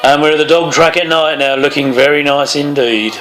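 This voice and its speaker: A man's voice: fairly high pitch, fairly quick, fairly bright tone, soft background music, poor audio. A man giving casual movie commentary, full of chatty wry asides and chuckles. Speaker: film commentator.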